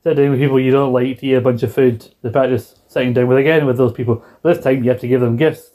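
Rambling British man with a mellow voice. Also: medium pitch, steady tone, quick pace. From Britain. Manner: rambling, acts out quoted lines in a raised put-on voice. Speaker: podcast co-host. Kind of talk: casual chat.

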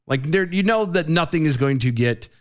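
A man's voice: a little high, lively intonation, normal speed. A man co-hosting a talk show, chatting casually with wry, sarcastic interjections. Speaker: podcast co-host. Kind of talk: casual chat.

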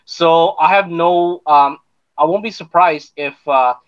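Halting man in a dull lo-fi recording. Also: a little high, smooth. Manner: halting, many fillers and restarts. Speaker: podcast co-host. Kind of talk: casual sports chat.

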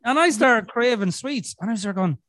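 A man's voice: extremely high pitch, expressive, moderate pace, fairly bright tone, no room sound. A middle-aged Irish man hosting a podcast, telling a story in casual chat, swearing a lot and acting out his inner voices. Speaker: podcast host.

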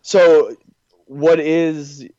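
A man's voice: a little high, steady tone, a crowd in the background. Man in casual chat, dull lo-fi sound. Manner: halting, swears, laughs. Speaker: podcast co-host. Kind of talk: casual chat recapping a reality dating show.

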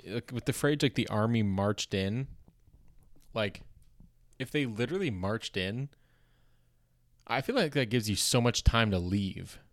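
In a mid-range voice with no echo, a young Canadian man with a Canadian accent hosts a comedy podcast. His talk is a casual, rambling comic monologue through old notes, with frequent fillers, restarts and self-deprecating asides.

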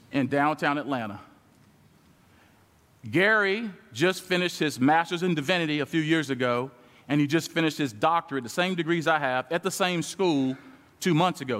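A man preaching as a guest speaker, telling a story in a lively way and acting out the conversation as he goes. His voice sits high for a man. The sound rings with long reverb, as in a large church sanctuary. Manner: animated, acts out quoted dialogue with shifting pitch. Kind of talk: sermon storytelling.

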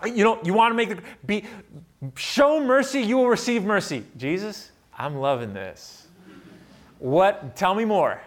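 A man's voice: high voice, expressive, unhurried. Man preaching with dramatic volume swings. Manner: dynamic preaching, swinging between loud emphatic peaks and quiet asides; asks the audience rhetorical questions. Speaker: pastor. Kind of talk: sermon.

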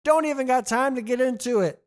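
A man's voice: extremely high pitch, fairly quick. A man hosting a trivia podcast, reading answer choices and adding playful jokey asides. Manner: playful, jokey asides, reads options twice. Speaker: trivia host.

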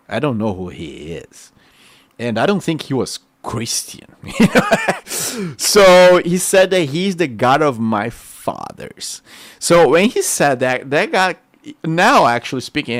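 A man with a Brazilian Portuguese accent, a native Portuguese speaker, giving a testimony sermon in an excitable, animated storytelling way. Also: mid-range voice, dry recording. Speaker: preacher.

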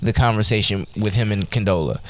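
A man's voice: lowish voice, brisk, a little hiss or hum. A man co-hosting a casual TV recap podcast, rambling and restarting as he questions things aloud. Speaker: podcast co-host.

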